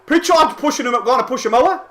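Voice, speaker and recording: A young man streaming a live football match reaction, shouting and swearing at big moments and then talking quietly as he reads the chat. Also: very high-pitched, expressive, fast talker.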